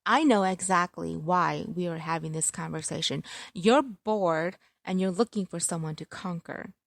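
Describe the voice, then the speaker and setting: A bookish young man with a clipped, sardonic manner, voiced by a woman. He sounds fairly low and is heard up close with no room sound. He comes from a romance storybook. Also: normal speed, vocal fry, dry recording. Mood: knowing. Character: studious young man, dry and exasperated.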